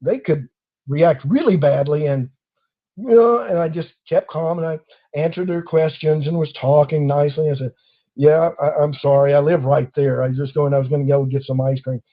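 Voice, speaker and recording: Animated man telling a story. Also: a little high, moderate pace, highs cut off. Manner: animated storyteller acting out quoted officers. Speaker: host. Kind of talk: casual storytelling chat.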